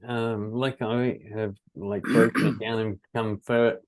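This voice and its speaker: A man in his forties co-hosting a casual talk show, hesitant and halting, with many pauses. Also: fairly low pitch, fairly even intonation. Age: 40s. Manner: hesitant, lots of ums and restarts. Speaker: podcast co-host, data scientist. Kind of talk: casual conversational chat.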